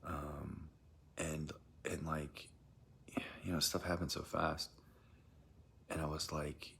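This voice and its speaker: A man's voice: extremely low pitch, flat delivery, slow, vocal fry, fairly bright tone, a little hiss or hum. A man telling a strange personal experience in a rambling, hesitant way, often dropping into a whisper. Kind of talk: casual first-person account.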